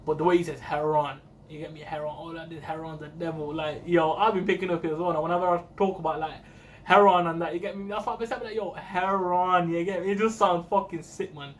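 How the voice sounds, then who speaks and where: A young British man from the United Kingdom reacts to an album, talking fast with hardly any pauses in a slightly high voice. He's an excitable music reaction host whose commentary is casual, slangy, and full of swearing. There's slight background noise.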